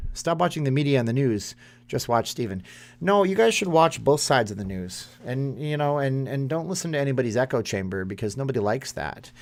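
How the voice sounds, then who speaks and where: A man, hosting a casual live stream and reading chat comments aloud in a rambling way. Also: mid-range voice. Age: 30s.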